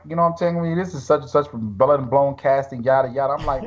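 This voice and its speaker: A middle-aged man, a retired bodybuilder, telling stories in an animated, slangy way and acting out quotes over a video call. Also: mid-range voice, quick pace, hardly any pauses. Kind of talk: casual storytelling chat. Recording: dull lo-fi call audio.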